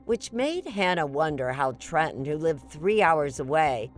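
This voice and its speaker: Female news correspondent, low register, deliberate pacing, faint score underneath. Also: sing-song, faint music behind. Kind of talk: scripted true-crime narration and interviewing.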